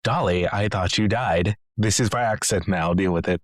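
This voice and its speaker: Um homem fazendo um rapaz esquisito e impassível, de voz um pouco grave. Fala de forma seca e sem emoção, num som próximo e sem eco. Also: male voice, low-pitched, normal speed, no room sound, studio quality, lightly acted. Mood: blunt. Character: odd young man fixated on finding mother.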